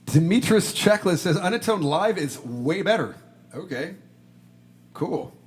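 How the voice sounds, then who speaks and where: A fairly high-voiced man hosting a live stream in loose, jokey chat. He reads viewer comments aloud and keeps breaking into shouts and bits of song. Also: animated, unhurried.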